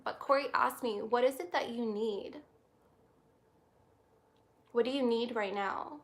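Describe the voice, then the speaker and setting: Woman with a slightly high voice, reading tarot on a stream; soft, halting, emotional. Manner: soft, reflective, halting with many restarts. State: close to tears. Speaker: tarot reader.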